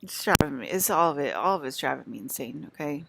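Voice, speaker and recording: A woman's voice: low voice, animated, fast talker, vocal fry, noisy background. A young woman vlogger in a rambling monologue to camera, scolding and exasperated, repeating herself with lots of fillers.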